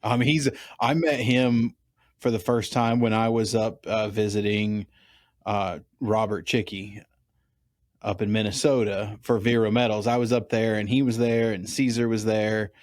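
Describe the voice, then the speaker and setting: A man's voice: fairly low pitch, fairly even intonation, moderate pace, no room sound, clean studio sound. A man hosting a podcast, chatting casually and laughing easily. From Oklahoma or Texas. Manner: easygoing, laughs often. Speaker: podcast host. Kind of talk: casual interview chat.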